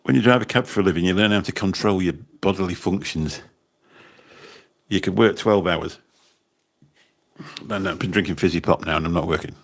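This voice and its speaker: Low-voiced and chatty, this man talks briskly but leaves long pauses. He drives a taxi and hosts a livestream, rambling and repeating words as he reads comments into his phone.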